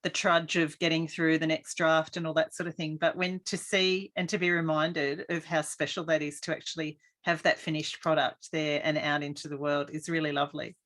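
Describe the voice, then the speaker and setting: A woman's voice: low-pitched, flat delivery, normal speed, hardly any pauses, fairly bright tone. A woman hosting a podcast in a casual, chatty, effusive interview style from a small studio. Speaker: podcast host.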